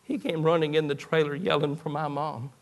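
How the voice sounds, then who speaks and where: A man's voice: a little high, steady tone, brisk. A man, preaching a sermon in a folksy storytelling way, often restarting his words. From eastern Kentucky. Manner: folksy storytelling with repeated stammered starts.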